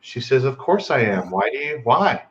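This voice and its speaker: A man telling a favorite joke to friends in a dry, deadpan way. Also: mid-range voice, moderate pace, highs cut off.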